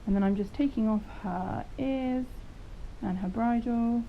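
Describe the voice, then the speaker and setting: Fairly high-pitched and a little slow, a woman chats her way through a horse-riding vlog, rambling and poking fun at herself. The sound is dull and lo-fi, with faint noise.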